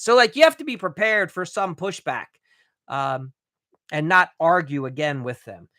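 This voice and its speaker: A man coaching remodelers in a live training, blunt and a bit profane, talking in quick bursts with restarts. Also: on the high side, lively intonation, a bit bright, no echo, clean studio sound. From United States.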